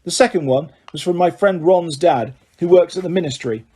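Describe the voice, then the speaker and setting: A man voicing a defiant teenage boy wizard who answers calmly and then angrily. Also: fairly high pitch, normal speed, breathy edge. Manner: calm, then angry and sharp.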